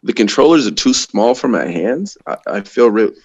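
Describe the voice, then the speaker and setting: A man's voice: mid-range voice, big pitch swings, moderate pace, darkish tone, slightly rough, no echo, muffled recording. A man guesting on a podcast as a pro wrestler, talking in a laid-back, easygoing way with frequent laughs. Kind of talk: casual chat.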